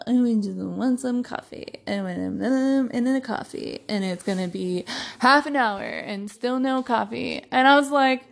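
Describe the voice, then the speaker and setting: A woman's voice: medium pitch, moderate pace, vocal fry, slight background noise. A young woman hosting a solo podcast, chatting casually and rambling with laughs as she tells stories about her day as a stay-at-home mom. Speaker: podcast host.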